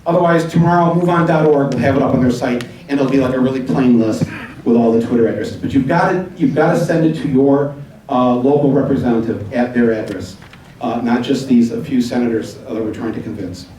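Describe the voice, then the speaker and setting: A man's voice: mid-range voice, mellow, slight background noise. Man urging a hall from afar. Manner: rambling, urging, spells out addresses slowly. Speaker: event host. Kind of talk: addressing a live town hall audience. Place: large hall with audience. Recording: echoey hall from far off.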